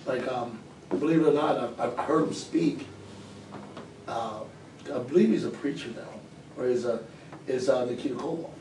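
A man's voice: mid-range voice, moderate pace, pauses often. A man chatting casually about wrestling, acting out reactions as he tells a story. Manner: animated storyteller, acts out reactions. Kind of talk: casual chat. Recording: echoey room, far from mic, faint noise.

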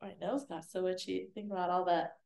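A woman co-hosting a casual podcast walks a friend through a novel's plot. She is chatty and giggly and acts out quotes in silly voices, her voice gravelly at the edges. The room around her rings with echo. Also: lowish voice, steady tone, a little fast, a little mellow. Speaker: podcast co-host explaining a book. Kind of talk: casual chat recapping a novel.

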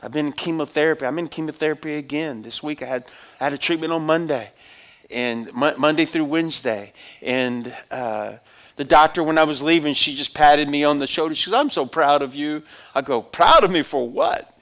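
High-voiced man preaching a testimony. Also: fairly quick. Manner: conversational, swings from loud exhortation to hushed storytelling. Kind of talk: sermon testimony.

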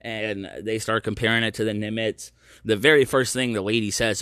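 A man's voice: fairly low pitch, fairly even intonation, normal speed, pushed and bright, clean tone, no echo, clean studio sound. A man hosting his own podcast, telling a story in a sarcastic, profane, ranting way. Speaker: podcast host. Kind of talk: casual ranting commentary.

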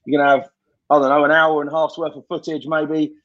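A man's voice: on the high side, little pitch movement, quick pace, fairly bright tone, lo-fi sound. A man in casual podcast chat, blunt and sweary, giving fired-up motivational advice. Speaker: podcast guest.

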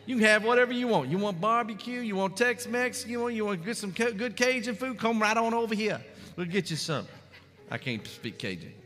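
Man, pastor, fervent sermon delivery, bright tone, hall reverb with soft music behind. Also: sits high, expressive, brisk. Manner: fervent preaching, swings from loud to hushed. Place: church sanctuary.

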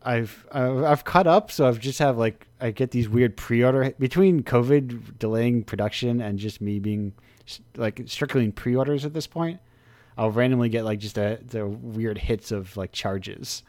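A man's voice: mid-range voice, darkish tone, no room sound. A man chatting casually on a podcast, rambling with restarts and frequent laughter. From United States. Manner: rambling, halting, often laughing. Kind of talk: casual chat.

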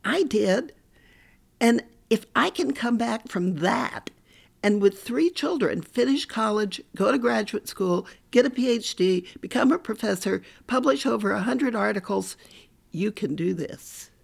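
A woman's voice: fairly high pitch, lively intonation, unhurried, creaky, slightly rough. An older woman, a professor, telling her own story candidly and with animation as a podcast interview guest.

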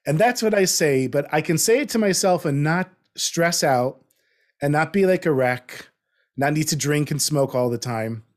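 A man in his fifties talking in a relaxed conversation, reflective and getting animated as he makes a point. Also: fairly high pitch, moderate pace. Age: 50s. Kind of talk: casual conversation.

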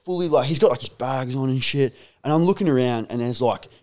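A man's voice: medium pitch, a little fast, a little mellow. A young Australian man telling a story in casual podcast chat, swearing and laughing often. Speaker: podcast regular.

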